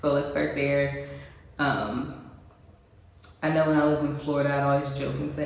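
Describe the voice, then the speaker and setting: A woman's voice: rumbling low, fairly even intonation, moderate pace, gravelly, pauses often. An American woman vlogging casually to camera, chatty with frequent ums and little laughs, sounding congested. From United States. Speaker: expat vlogger. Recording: very echoey room, faint background noise.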